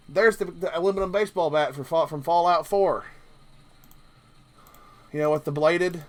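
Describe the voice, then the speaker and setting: A man's voice: fairly high pitch, normal speed, pauses often. A man from Kentucky with a Southern drawl, hosting a casual live stream and rambling along jokingly with lots of fillers. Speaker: livestream host.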